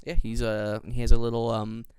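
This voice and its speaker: A man's voice: mid-range voice, completely flat delivery, fairly quick, a little mellow, a little hiss or hum. A man co-hosting a podcast in casual, joking, rambling chat, laughing often. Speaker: podcast co-host.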